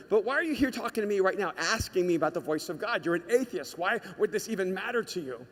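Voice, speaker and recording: A male pastor delivering a dramatic sermon, moving between hushed storytelling and shouted urgency. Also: high voice, lively intonation, fast, in a large hall.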